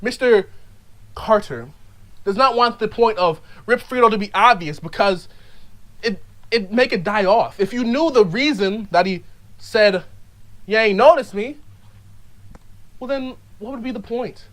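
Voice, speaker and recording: A vlogger rambles through an ironic monologue with a straight face, tripping over words and restarting sentences. The voice sits at a middling pitch and lurches between sudden loud outbursts and low, half-swallowed mumbling. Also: moderate pace, poor audio. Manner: mock-serious, stammering restarts.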